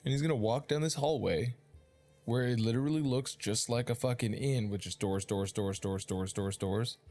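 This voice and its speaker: A man's voice: medium pitch, moderate pace, darkish tone. A man in a mid-range voice running a tabletop game, narrating loosely with plenty of swearing and restarts. Faint music sits underneath. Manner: loose, profane, rambling narration. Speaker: dungeon master.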